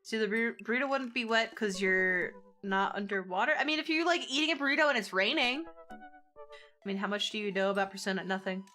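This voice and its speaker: A woman's voice: mid-range voice, animated, fairly quick, bright, forceful tone. A woman casually commenting on a dating game and reading its dialogue aloud, chatty and joking, laughing often. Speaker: gamer playing a dating sim. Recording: music playing behind the voice.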